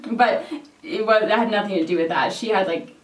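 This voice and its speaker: A beauty vlogger in her twenties, a young Canadian woman, chats casually as she does her makeup, her talk packed with filler words and offhand swearing. Her mid-range voice moves briskly. The mic sits well back, so the sound is roomy and distant.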